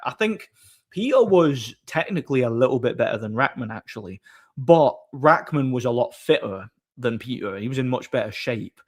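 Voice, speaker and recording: A man chatting casually on a live stream, opinionated and rambling, often repeating words as he thinks. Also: medium pitch. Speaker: streamer host. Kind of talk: casual chat answering viewers.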